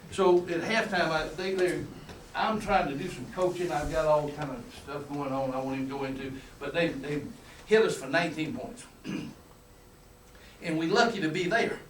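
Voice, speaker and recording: A man's voice: fairly high pitch, normal speed. An older man, a football coach telling colorful, emphatic stories at a clinic and chuckling along the way. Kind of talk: folksy storytelling lecture. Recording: roomy, distant mic with faint room noise.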